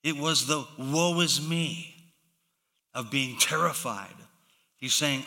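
Slow, bright-voiced preacher in a reverberant hall. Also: male voice, on the high side, lively intonation, vocal fry. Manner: slow, emphatic preaching with sudden drops to hushed tones. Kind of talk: sermon.

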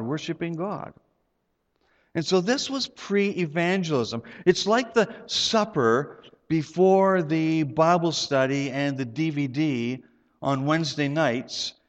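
A man delivers a sermon from the pulpit, moving between explanation and playful storytelling. His voice sits a little high for a man. The sound carries a long reverberant tail, as in a church sanctuary. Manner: storytelling, animated with playful asides. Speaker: pastor.

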